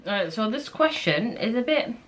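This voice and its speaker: A woman's voice: on the high side, very animated, moderate pace, slight background noise. A woman from the Netherlands vlogging casually, chatty and incredulous as she thinks aloud and reads quiz questions out. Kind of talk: casual chat while taking an online quiz.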